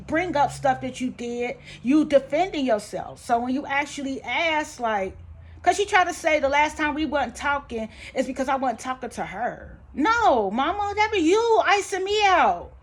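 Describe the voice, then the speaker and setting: Woman vlogger with a slightly raised pitch, venting emotionally about family in a loose, colloquial, rambling delivery that swings between heated and quiet. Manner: rambling and heartfelt, with many restarts and fillers; voice rises and tightens when upset, falls soft and low when sad. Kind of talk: emotional personal storytelling to camera.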